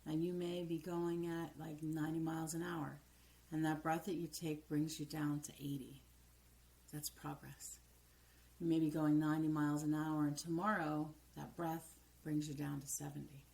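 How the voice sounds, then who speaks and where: A middle-aged woman, a transformational coach, giving calm step-by-step guidance and dropping to soft near-whispers when voicing affirmations. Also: low-pitched, normal speed, vocal fry. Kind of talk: coaching video monologue.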